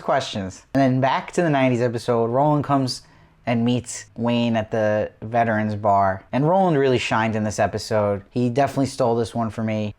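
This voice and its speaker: A man's voice: medium pitch, a little mellow. Male host, mid-range voice, eager casual recap full of questions. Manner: enthusiastic, asks lots of rhetorical questions. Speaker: TV review host. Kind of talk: casual episode review.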